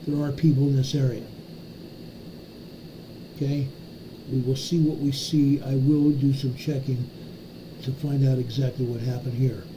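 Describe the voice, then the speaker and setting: A man hosts a livestream giving live earthquake updates, his medium-pitched voice fairly flat and measured, with frequent pauses and background noise. He walks viewers through a map emphatically and repetitively, talking to chat and often checking in with "okay?".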